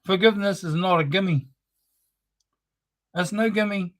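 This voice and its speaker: A livestream host delivers a fiery spoken-word monologue, preachy and combative and thick with swearing. His voice sits high and moves a little slowly.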